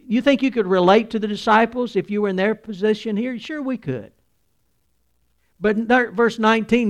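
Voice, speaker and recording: A male pastor preaching a sermon, reading scripture aloud and explaining it with earnest restarts. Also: high-pitched.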